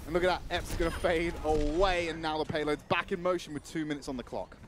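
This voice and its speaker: A man with a high-pitched voice calls an esports match play by play. He gets excitable and jumps to shouts when a fight breaks out. He talks into a headset. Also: fast, noisy background. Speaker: esports commentator. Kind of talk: live play-by-play commentary.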